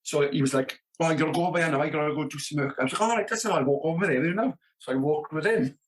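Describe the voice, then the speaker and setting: A man's voice: on the high side, very fast. A South Welsh man in his thirties, a rock drummer telling tour stories as a podcast guest, acting out the dialogue with lots of "you know what I mean". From Wales, Merthyr Tydfil area. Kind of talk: casual storytelling.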